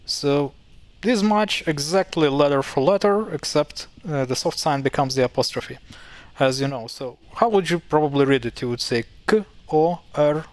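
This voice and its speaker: Guy, teaching pronunciation, lots of uhs and restarts, kinda high voice. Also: moderate pace, hardly any pauses, dry recording. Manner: hesitant, many fillers and self-corrections. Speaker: language teacher. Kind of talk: casual explanatory lesson.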